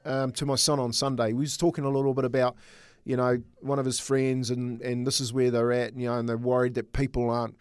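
A man's voice: medium pitch, little pitch movement, a little fast, clean tone, dry recording. A middle-aged man co-hosting a casual sports chat, telling a personal story earnestly with many restarts. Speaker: co-host.

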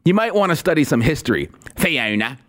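A man's voice: fairly high pitch, very animated, fairly quick, fairly bright tone. Sarcastic man hosting political commentary. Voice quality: sarcastic, repetitive emphasis. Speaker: podcast host.

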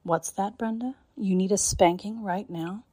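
A woman performing a scripted dominant role-play monologue in a commanding, taunting manner, often dropping into breathy whispers. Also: medium pitch, unhurried, mellow, dry recording. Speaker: narrator.

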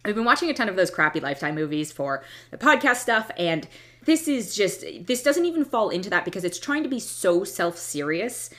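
A woman's voice: mid-range voice, sing-song, brisk, fairly bright tone. A woman giving a casual, blunt, opinionated film review, often restarting and trailing off mid-thought. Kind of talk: casual movie review monologue.

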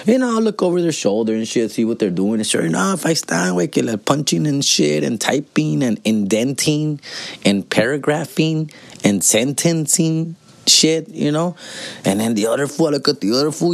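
A man's voice: medium pitch, creaky, no echo. A man in his forties hosting a podcast, talking casually and comically, full of swearing and slang, and switching between English and Spanish. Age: 40s. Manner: profane, slangy, switches between English and Spanish, constantly says "fool" and "dog". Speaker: podcast host. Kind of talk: casual comedic monologue.

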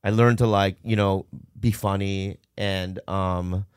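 A man's voice: sits low, steady tone, slow, clean tone, dry recording, studio quality. A man from Minnesota in casual conversation, candidly telling a rambling personal story with lots of fillers.

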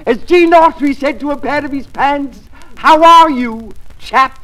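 An actor playing a corny, pompous comedian with a high, affected voice in a 1940s radio comedy. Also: male voice, unhurried, pushed and bright, full character voice, rough recording. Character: corny man comedian Heathcliff, pompous punster.

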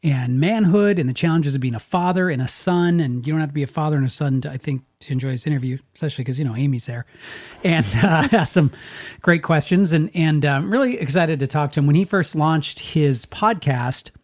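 A man's voice: a little high, brisk, a little mellow, dry recording. Man from Spokane, rambling storyteller. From Spokane, USA. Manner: rambling, frequent restarts, acts out quotes. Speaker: podcast host. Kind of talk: casual storytelling chat.

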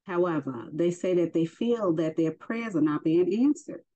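A woman giving a casual spoken religious lesson, unhurried and hesitant with many fillers. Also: fairly low pitch, warm tone. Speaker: faith teacher. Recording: dull lo-fi recording.

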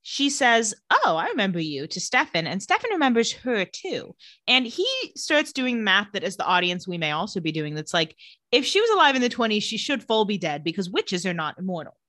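A young woman co-hosting a casual podcast, telling an episode scene by scene and jumping into the characters' lines. Her voice sits in a middle pitch and sounds close and dry, with no room around it. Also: no echo. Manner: animated, acts out characters' lines in quick voices. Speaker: podcast co-host. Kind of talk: casual recap chat.

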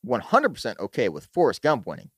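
A man's voice: mid-range voice, slightly rough, dry recording, studio quality. A young man co-hosting a podcast, chatting casually and jokingly about movies. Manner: animated, jokey, quick back-and-forth. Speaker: podcast co-host. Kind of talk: casual chat.

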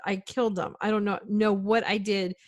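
A woman's voice: mid-range voice, level tone, normal speed, dry recording. A woman telling a story in casual chat, loose and rambling with lots of fillers. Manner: chatty, full of fillers like "like".

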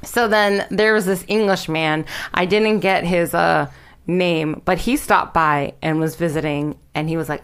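A woman's voice: lowish voice, fairly even intonation, a little slow, clean tone. A young woman casually telling a spooky story to friends, rambling, laughing and swearing as she goes. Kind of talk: casual storytelling podcast chat.

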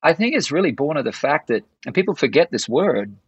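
A man's voice: a little high, sing-song, brisk, slightly rough, dry recording. Chatty Australian man telling stories. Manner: chatty storyteller, laughs between phrases. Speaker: guest musician. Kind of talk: podcast interview conversation.

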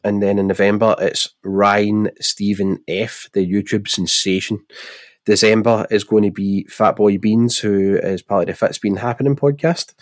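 A man's voice: fairly low pitch, fairly even intonation, normal speed, no echo. A man with a Scottish accent and a nasal voice, co-hosting a football podcast in jokey, rambling casual chat. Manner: jokey, rambling, laughs often. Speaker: podcast co-host.

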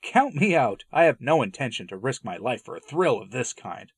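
A man voicing a frightened young priest who refuses in alarmed, high-pitched protests while reading a story aloud. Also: very animated, moderate pace, husky, no echo, studio quality. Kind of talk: read-aloud dialogue.

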